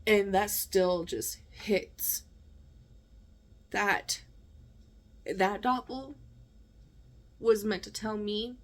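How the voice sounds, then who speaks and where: A woman's voice: mid-range voice, extremely slow, long pauses. A woman vlogger telling a personal story in an emphatic, conversational way, often checking in with her listeners.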